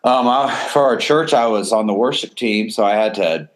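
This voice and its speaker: Earnest low-voiced podcast host. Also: male voice, normal speed. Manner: earnest, eager, with many ums. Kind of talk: casual podcast chat.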